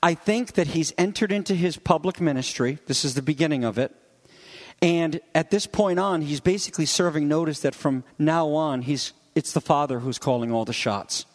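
Male pastor, conversational sermon, slightly high voice, animated delivery. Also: moderate pace, in a large hall.

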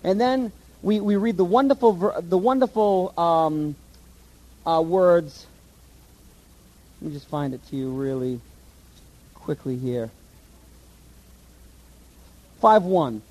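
A man preaching a sermon and teaching from the Bible, animated and asking his listeners questions. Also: sits high, unhurried, long pauses, poor audio. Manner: animated, asks the audience questions.

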